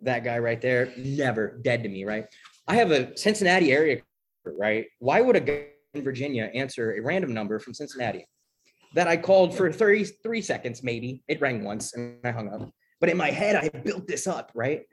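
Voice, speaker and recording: Animated young man telling a raw story. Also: mid-range voice, fairly quick, slight background noise. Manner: animated, profane, peppers lines with "right?". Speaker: person in recovery sharing his story. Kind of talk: candid storytelling.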